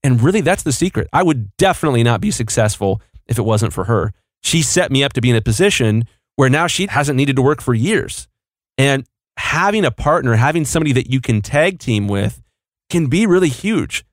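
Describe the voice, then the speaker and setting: A man's voice: medium pitch, sing-song, a little fast, dry recording, studio quality. A married man hosting a podcast, speaking bluntly and with strong opinions. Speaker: podcast host. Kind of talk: casual podcast chat.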